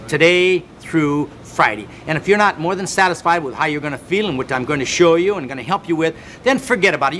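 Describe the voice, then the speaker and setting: Energetic vintage TV fitness host, man. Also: fairly high pitch, slight background noise. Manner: energetic counting and coaxing commands; earnest, personal direct address to viewer. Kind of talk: TV exercise instruction to viewers.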